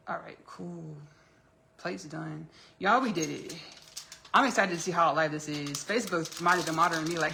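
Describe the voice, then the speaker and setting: A woman's voice: sits low, normal speed, creaky, background noise. A woman from Texas chatting on a casual live stream while cooking in her home kitchen, calling her listeners "baby" and laughing often.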